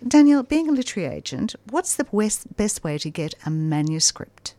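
Woman host, animated voice, dry close mic. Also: mid-range voice, moderate pace, no room sound. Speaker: radio host. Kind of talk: radio fundraiser chat.

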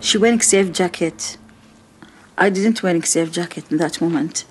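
A middle-aged woman giving personal testimony, speaking slow, halting non-native English in short phrases. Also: fairly low pitch, breathy edge.

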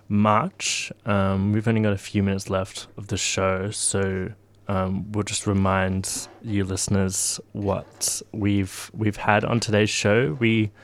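A man co-hosting a radio show, talking casually in a halting way with many ums. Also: lowish voice, clear, resonant tone, no echo. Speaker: radio co-host.

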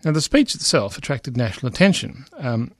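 A man's voice: mid-range voice, sing-song, brisk, no echo, clean studio sound. A middle-aged man lecturing, reading a news report aloud with frequent asides, fillers and restarts.

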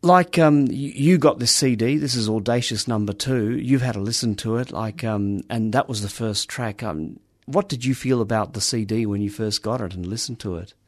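A man's voice: medium pitch, moderate pace, hardly any pauses, dry recording, clean studio sound. A man co-hosting a radio program, chatting casually and enthusiastically, with lots of hesitations and restarts. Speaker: radio co-host. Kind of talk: casual on-air chat.

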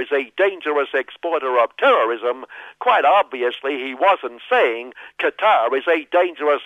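A man's voice: mid-range voice, lively intonation, moderate pace, no room sound. A man runs through a mocking satirical radio monologue, every line dripping with sarcasm. The sound is dull and lo-fi, close and dry with no room around it. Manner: sardonic, mocking. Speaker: radio commentator.

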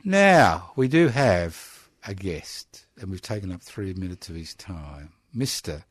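A man's voice: low voice, very animated, slow, no echo. A man in his sixties with an Australian accent, hosting a casual community radio chat in a studio, teasing and jokey. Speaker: radio host.

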